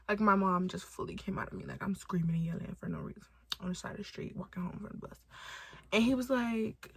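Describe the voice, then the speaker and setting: A young woman from Los Angeles telling a storytime vlog in casual, animated style, swearing freely and acting out quotes. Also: mid-range voice, quick pace, creaky, slightly rough, no echo. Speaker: storytime vlogger.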